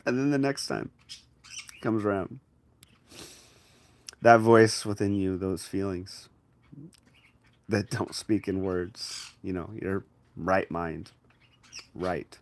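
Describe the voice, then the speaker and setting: A man with a fairly low voice talking casually about spiritual matters. He speaks in a reflective, conversational way and addresses the listener directly. Now and then he jumps into sudden, loud, acted-out inner voices. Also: slow, pauses often. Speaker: spiritual teacher.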